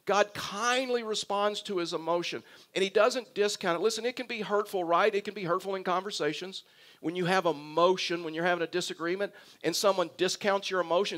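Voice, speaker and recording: Male pastor, higher register, earnest emphatic preacher who repeats for effect. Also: moderate pace, fairly bright tone. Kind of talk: sermon.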